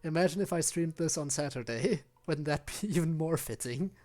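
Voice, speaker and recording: A man's voice: fairly high pitch, moderate pace, a little mellow, faint music behind. A man streaming a visual novel, reading the hero's lines and chatting with a self-mocking, laughing manner. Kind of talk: playing a visual novel aloud.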